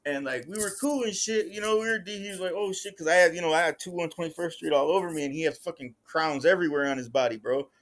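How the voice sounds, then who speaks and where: A man's voice: fast, few pauses. A man casually telling a story on a podcast, heavy with slang, acting out what others said. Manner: animated, acts out quotes with rising pitch, heavy slang. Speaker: podcast host.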